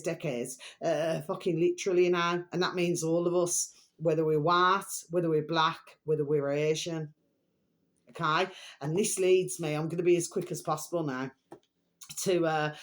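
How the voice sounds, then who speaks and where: A woman ranting to her viewers in a vlog, swearing heavily and rambling with constant fillers. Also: low voice. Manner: swears heavily, keeps calling viewers her delicious little babies; rambling, filler-laden, repeats "okay" and "there we are". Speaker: video blogger.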